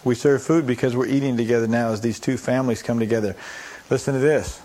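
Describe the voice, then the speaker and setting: A man's voice: medium pitch, steady tone, quick pace, warm tone. A man preaching a sermon as a pastor. He poses rhetorical questions and answers them, acts out quoted voices and adds humorous asides.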